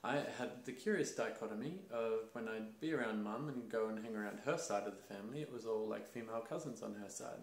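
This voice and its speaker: A young man hosting a casual talk, telling stories with energy and acting out other voices. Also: lowish voice. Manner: animated storytelling, acts out voices and laughs. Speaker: host. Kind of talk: casual conversation about masculinity. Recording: roomy echo.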